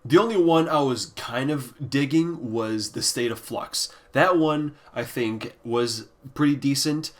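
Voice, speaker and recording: A man reviewing albums in a casual ranking video, ranting bluntly and with heavy swearing, sometimes sinking into quiet, deflated muttering. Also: mid-range voice, unhurried, few pauses, slight background noise. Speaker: music reviewer.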